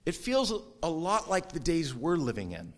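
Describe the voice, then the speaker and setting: A male pastor delivering a sermon in a lively, conversational way, breaking into quick asides. His voice sits a little high for a man. He now and then slips into short mock voices when he quotes people.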